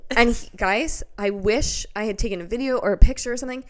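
A young woman with a slightly high voice chats casually as a podcast co-host. She tells her story in an animated, filler-heavy way, and the talk stays loose and conversational. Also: fast. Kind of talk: casual chat.

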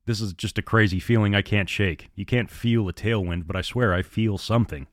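A man voicing a tense, commanding male airline captain in an audiobook, giving clipped, grim orders in a low voice. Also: a little fast, no room sound, clean studio sound, close to an everyday voice. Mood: uneasy.

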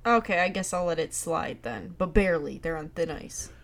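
A woman's voice: lowish voice, normal speed. A young woman co-hosting a film podcast, chatting in a playful, teasing, slangy way. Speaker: podcast co-host. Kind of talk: casual chat.

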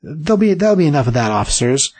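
A man voicing a calm, authoritative sorcerer who is also a surgeon, speaking in a measured, reassuring way. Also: on the high side, no room sound, pitched above the performer's own voice, low-quality recording. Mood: calm firm.

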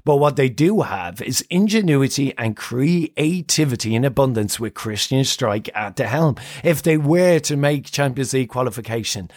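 A man's voice: medium pitch, animated, moderate pace, hardly any pauses, a little mellow, no room sound, studio quality. A man hosting a podcast in a playful, jokey, upbeat way, with a scripted intro and preview. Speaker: podcast host.

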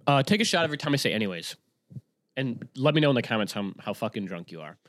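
A male podcast host telling a rambling, self-mocking story at home, swearing freely and breaking into loud yelled impressions. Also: very animated, fast talker. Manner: bursts into loud high-pitched yelling for impressions. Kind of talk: casual solo storytelling. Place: home room.

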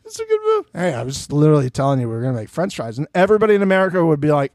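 A man co-hosting a casual recap podcast, animated and swearing often, acting out what people said. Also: fairly high pitch, very fast, dry recording, studio quality. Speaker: podcast co-host.

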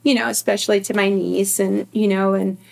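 A woman's voice: medium pitch, little pitch movement, brisk, creaky. A woman with a mid-range voice speaking as an interview guest. She tells a personal family story candidly and with feeling, stopping often to restart her sentences. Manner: warm, candid storytelling with many fillers and restarts.

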